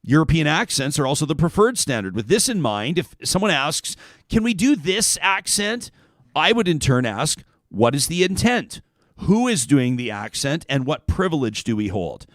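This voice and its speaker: Animated, lively male talk show host. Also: a little high, moderate pace, no room sound, studio quality. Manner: animated, conversational, reads listener emails aloud. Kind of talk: radio talk show monologue.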